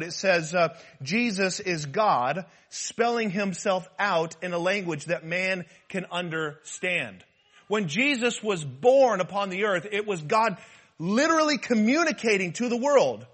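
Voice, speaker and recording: Pastor, man with a high voice, lively and joking from the pulpit. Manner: animated, humorous preaching with rhetorical repetition. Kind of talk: sermon.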